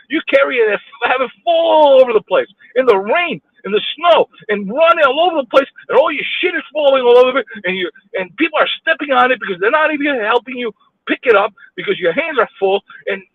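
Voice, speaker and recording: On a tinny, phone-like, dry recording, a man with a very high-pitched, breathy voice live-streams an angry rant from his car. The vlogger is alone in traffic, fed up, repeating himself and swearing.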